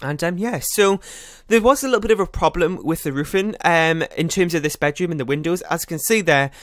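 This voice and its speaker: A gaming channel host chats casually over his gameplay in a fairly high, slightly fast voice, a bit out of breath. He rambles, corrects himself, and laughs at his own slips. The recording is dry, with clean studio sound.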